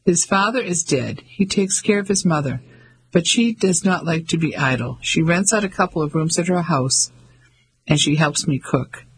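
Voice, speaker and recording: A man's voice: fairly high pitch, moderate pace, breathy edge, full character voice, rough recording. A man as an easygoing French chef. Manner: shrugging, relaxed.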